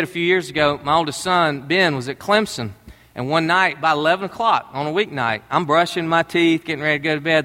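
Pastor, middle-aged man, high bright voice, folksy storytelling sermon, reverberant church hall. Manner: conversational, storytelling preacher.

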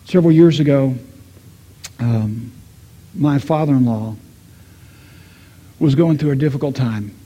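A middle-aged man preaching a sermon, telling a story and voicing the people in it, swinging from loud to hushed. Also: mid-range voice, a little slow, pauses often, husky, highs cut off. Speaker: pastor.

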